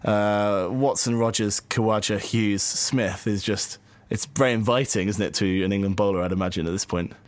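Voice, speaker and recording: A man's voice: fairly low pitch, fairly even intonation, normal speed, few pauses. A man co-hosting a cricket podcast, chatting in a wry way with frequent fillers. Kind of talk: casual cricket discussion.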